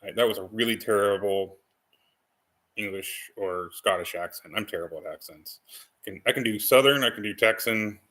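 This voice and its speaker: A man's voice: fairly low pitch, normal speed, a bit bright. A man hosting a casual live-stream chat with viewers, rambling with many ums and restarts. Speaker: channel host.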